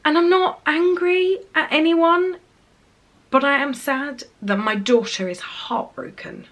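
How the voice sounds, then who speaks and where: A woman, talking quietly and emotionally to camera in a casual vlog. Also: sits high, takes it slowly. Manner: soft-spoken, often dropping quiet and tearful. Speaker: parent vlogger.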